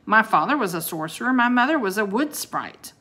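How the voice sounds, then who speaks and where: A woman's voice: mid-range voice, sing-song, a little fast, sharp tone, husky, pitched above the performer's own voice, exaggerated voice. A woman voicing an earnest young male sorcerer's apprentice with formal, old-fashioned speech.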